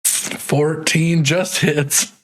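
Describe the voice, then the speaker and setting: Slow, chuckling man running a tabletop game. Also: on the high side, flat delivery, a bit bright. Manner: laid-back, chuckles often. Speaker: game master. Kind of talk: narrating a tabletop game over voice chat. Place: online voice chat.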